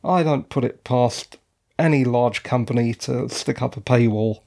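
A man's voice: mid-range voice, unhurried, creaky, a little mellow. A man from the UK hosting his own podcast, talking casually with wry asides, his voice cracking slightly. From United Kingdom. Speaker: podcast host. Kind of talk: casual solo podcast talk.

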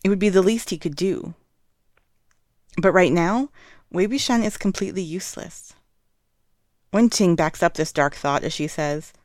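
An audiobook reader narrating a fan story in an even, measured way. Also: medium pitch, no echo, studio quality. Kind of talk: fan fiction reading.

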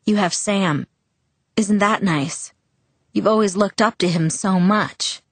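A woman's voice: mid-range voice, takes it slowly, no echo. Woman voicing a hurt, defiant teenage girl. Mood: upset.

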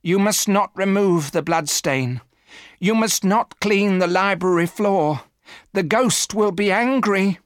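A man voicing an old woman housekeeper who speaks slowly in a quiet, ominous voice. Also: sits high, no room sound, clean studio sound, voice pushed up. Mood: urgent warning. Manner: slow, hushed warnings.

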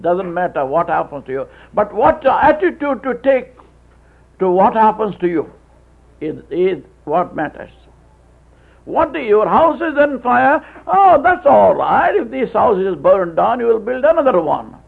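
A man preaching a sermon, with halting restarts, telling stories and acting out voices. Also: high-pitched, sing-song. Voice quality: gravelly, husky. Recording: tinny phone-like old tape.

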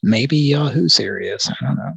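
A man hosting a casual comedy talk show, laid-back and rambling in a deadpan way. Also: mid-range voice, moderate pace, creaky, husky, rough recording. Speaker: podcast host.

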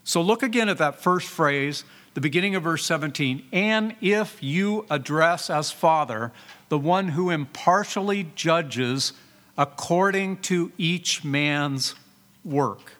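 A man with a high voice preaches a sermon to his congregation, stressing key words and asking rhetorical questions. His voice rings with a long reverb, as if it fills a large church hall. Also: takes it slowly, fairly bright tone. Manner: rhetorical questions, emphatic repetition, reads scripture aloud. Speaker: pastor.

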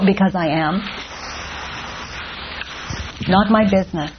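A woman leads a participant through self-inquiry, asking questions in a calm, deliberate way. Her voice sits at a middle pitch. The sound is dull and lo-fi, with a faint hiss. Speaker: workshop facilitator. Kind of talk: guided self-inquiry dialogue.

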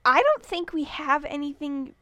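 A woman's voice: high-pitched, very animated, normal speed, bright, forceful tone, no echo. A young woman co-hosting a casual chat show, enthusiastic and playful, reacting eagerly to her friend. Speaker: co-host.

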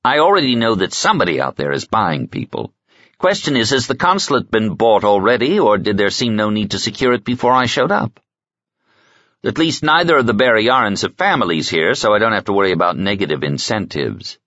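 A man reading the part of a driven, brusque male lord investigator, brisk and wry in a commanding way. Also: lowish voice, very animated, fairly bright tone, no room sound, voice pushed up. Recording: dull lo-fi dry sound.

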